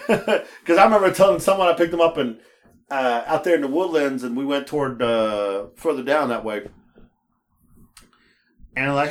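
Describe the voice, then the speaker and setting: A man's voice: fairly high pitch, normal speed, pauses often. A man co-hosting a casual podcast, telling rideshare-driving stories with lots of laughter and acted-out voices. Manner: animated storyteller, laughs often, acts out voices. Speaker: podcast co-host; rideshare driver. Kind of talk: casual chat.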